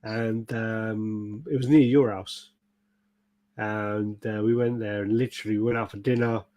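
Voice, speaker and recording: A man's voice: on the low side, fairly even intonation, a little slow, warm tone. A British man hosting a podcast, telling stories in casual chat, swearing and acting out quotes. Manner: swearing storyteller, acts out quotes. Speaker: podcast host.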